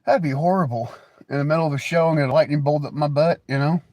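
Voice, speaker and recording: A man's voice: a little high, fast, darkish tone, a little hiss or hum. A man hosting a casual livestream, rambling, joking, laughing often and teasing viewers with crude banter. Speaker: livestream host.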